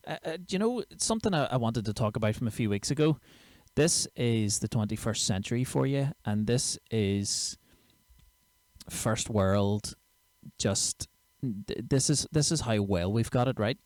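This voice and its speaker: A man's voice: lowish voice, darkish tone, no room sound. A man, a comedian chatting casually and sweary on his own livestream show. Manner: chatty, sweary, self-mocking. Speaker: comedian and podcast host.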